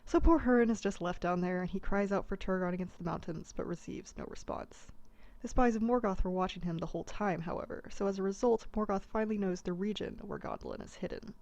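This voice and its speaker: A woman's voice: mid-range voice, fast talker, a little mellow, highs cut off. A woman narrating a comedic abridged retelling in a casual, irreverent way.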